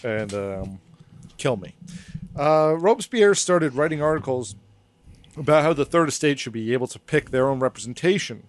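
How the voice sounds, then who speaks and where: A man's voice: mid-range voice, animated, normal speed, dry recording. A man hosting a comedy history podcast, reading from his script in a rambling, laughing, swearing way. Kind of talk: casual comedic history chat.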